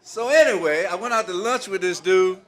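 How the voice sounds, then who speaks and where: A man's voice: high voice, normal speed, a bit bright, a faint crowd. An older man doing stand-up comedy, telling folksy stories in a loose way and laughing at his own jokes.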